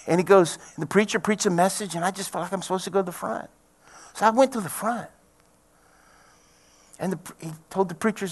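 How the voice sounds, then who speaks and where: An older man, a pastor preaching a sermon and telling his own testimony, dropping to hushed near-whispers and rising to loud cries. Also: high voice, very animated, moderate pace, long pauses.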